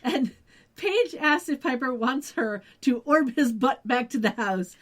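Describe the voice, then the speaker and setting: A woman co-hosting a podcast, retelling a TV episode in relaxed, agreeable casual chat. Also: sits high, unhurried. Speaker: podcast co-host.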